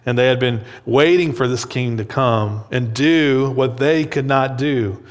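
A man's voice: medium pitch, unhurried, long reverb tail. A man teaching a Bible lesson in a conversational way, often checking in with "okay?" and "right?" and repeating words as he thinks.

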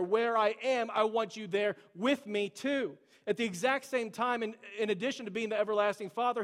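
A man with a notably high voice preaches a relaxed, conversational sermon, slipping into casual asides and voicing the quoted scripture. His words ring out with the long reverb of a church hall. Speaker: pastor.

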